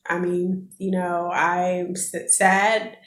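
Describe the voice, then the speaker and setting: A woman's voice: fairly low pitch, little pitch movement, takes it slowly. A woman in her thirties telling a personal story in a chatty, emotional vlog, addressing her viewers directly. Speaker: vlogger. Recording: echoey room.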